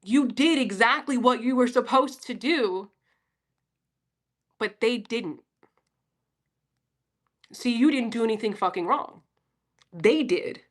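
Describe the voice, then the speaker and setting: A woman's voice: fairly high pitch, slow, pauses often. A woman from Philadelphia giving a casual, profane pep talk on a livestream and answering her chat. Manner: blunt, profane, talks straight to chat.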